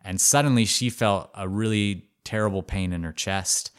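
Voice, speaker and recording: A man co-hosting a podcast, telling a story in a casual, animated way with lots of "like" fillers. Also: on the low side, normal speed, clean tone. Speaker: podcast co-host.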